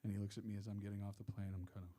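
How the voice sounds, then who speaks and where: A middle-aged man with a Texan accent, a singer-songwriter chatting casually between songs in a relaxed storytelling way. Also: fairly low pitch, racing. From Texas. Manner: relaxed storytelling, drawls into quoted voices. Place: small music workshop venue, live session.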